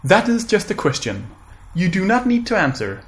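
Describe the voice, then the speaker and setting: A man composer giving a meandering, repetitive spoken lesson, often halting on purpose. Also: sits high, sing-song. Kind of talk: rambling spoken lecture. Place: large music venue. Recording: echoey room with loud music. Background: loud music.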